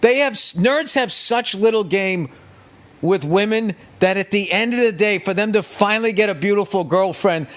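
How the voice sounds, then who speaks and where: A man's voice: high voice, normal speed, a bit bright. A man hosting a podcast, delivering a profane, sarcastic comedic rant monologue. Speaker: podcast host.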